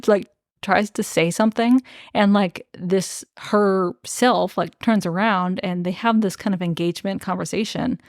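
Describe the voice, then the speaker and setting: A woman's voice: medium pitch, steady tone, a little slow, no echo, clean studio sound. A young woman co-hosting a podcast, recapping a book in casual chat, full of filler words and swearing. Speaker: podcast co-host.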